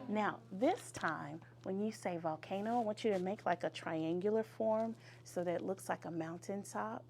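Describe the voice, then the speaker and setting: A woman teacher runs a call-and-response vocabulary lesson for young children, elongating words as she goes. Her mid-range voice has vocal fry and a darkish tone, with slight background noise in the room.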